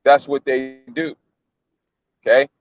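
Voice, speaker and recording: A man's voice: medium pitch, fairly even intonation, slow pace, narrow, tinny audio, slight background noise. A man giving casual religious commentary in a blunt, mocking, slangy way, often repeating himself. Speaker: commentator reacting to a news clip.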